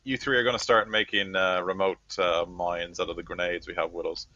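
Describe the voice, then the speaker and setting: A man narrating as game master of a tabletop role-playing game, relaxed and rambling with many fillers. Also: low voice, a little fast, no room sound, lo-fi sound.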